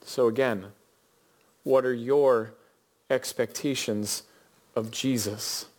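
A man's voice: medium pitch, fairly even intonation, slow pace, a little mellow. A male pastor preaching a sermon, telling a story and asking his listeners questions. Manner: earnest, storytelling, addresses the congregation with questions.

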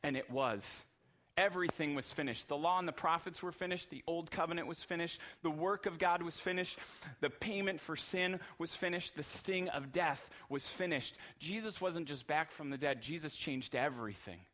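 A male pastor with a somewhat high voice delivers an earnest sermon. He builds his points through repeated, emphatic phrases. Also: normal speed, fairly bright tone.

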